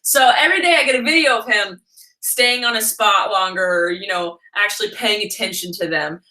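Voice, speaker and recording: A woman's voice: mid-range voice, normal speed, sharp tone. A woman chatting casually on a livestream, rambling and laughing often as she answers comments. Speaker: vlogger live-streaming. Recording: roomy echo.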